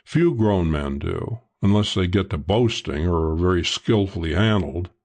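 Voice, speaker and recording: A male audiobook narrator giving a dry, measured first-person telling of a hardboiled crime story. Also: deep voice, lively intonation, darkish tone.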